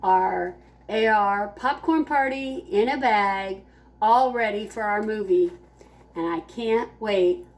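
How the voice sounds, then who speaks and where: A woman teacher showing children how to make popcorn, talking slowly and gently to her class. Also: mid-range voice. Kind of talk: classroom cooking demo.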